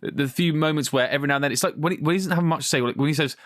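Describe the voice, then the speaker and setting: A man's voice: fairly high pitch, racing, fairly bright tone, dry recording, studio quality. A man co-hosting a podcast, chatting casually and animatedly about a film, exasperated and swearing. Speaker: podcast co-host. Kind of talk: casual chat reviewing a film.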